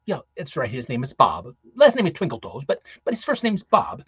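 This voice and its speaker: A man's voice: mid-range voice, wildly swooping pitch, fairly quick, a bit bright, husky, no room sound, dull audio. A man who performs as Santa, giving a rambling, encouraging talk full of restarts and fillers. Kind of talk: casual motivational talk.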